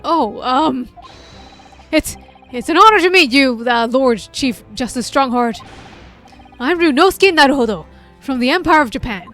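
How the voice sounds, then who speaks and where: A woman's voice: high-pitched, lively intonation, unhurried, pushed and bright, soft background music, full character voice. Woman reading as a nervous young law student. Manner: hesitant and stammering.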